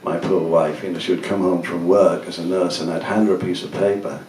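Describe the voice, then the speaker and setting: A man's voice: low voice, little pitch movement, a little fast, a little mellow, a little hiss or hum. A man, telling rambling, laughing anecdotes to an audience at a gallery event. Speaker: musician speaking at a book event. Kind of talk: casual talk to an audience. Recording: echoey room from far off.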